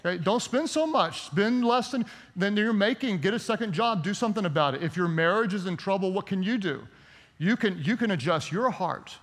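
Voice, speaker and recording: A man's voice: sits high, animated, a little fast, a bit bright, in a large hall. A man preaching a sermon as pastor, emphatic and calling on the congregation to answer back. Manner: emphatic, call-and-response with congregation.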